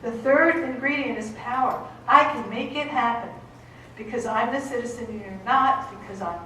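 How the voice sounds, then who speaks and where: A conference speaker from Boston, with the accent to match, lectures emphatically and keeps asking "okay?" Her fairly high voice sounds pushed and bright at a moderate pace, captured from afar in an echoey hall with slight background noise.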